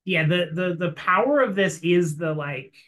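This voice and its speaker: A man in casual chat about a comic he read, retelling scenes in a rambling, animated way with lots of fillers. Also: sits high, moderate pace, low-quality recording.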